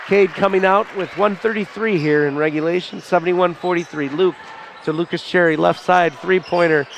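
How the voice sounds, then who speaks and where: Gravelly stuffed-up basketball announcer, man. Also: high voice, fairly even intonation, normal speed. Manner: fond, folksy, often near tears. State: stuffed-up nose. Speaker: play-by-play announcer. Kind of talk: live high school basketball commentary. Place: school gymnasium, in the stands. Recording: gym crowd noise behind the voice.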